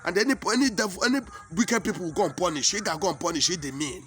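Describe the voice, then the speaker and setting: High-voiced Nigerian man telling a comic tale. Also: racing, soft background music. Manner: animated and exclaiming, with repetitions. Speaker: comic storyteller. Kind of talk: comic monologue in pidgin English.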